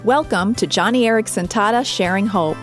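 A woman co-hosts a devotional radio program and opens the topic in a conversational way. Music plays clearly behind her. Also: medium pitch, a little fast. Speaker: radio co-host. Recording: studio voice over background music.

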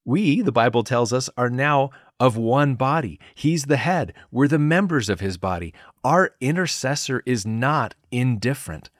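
A man hosting a podcast, giving an earnest, measured devotional teaching. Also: mid-range voice, animated, dry recording, clean studio sound. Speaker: podcast host and Bible teacher.

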